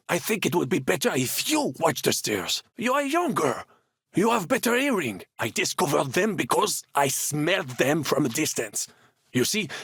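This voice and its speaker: An actor playing a vain, witty French knight in a game, with a French accent and a theatrical, haughty manner. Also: male voice, a little high, gravelly, a bit bright, slightly rough, no echo, clean studio sound, full character voice. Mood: scheming. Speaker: game character. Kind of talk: game voice acting.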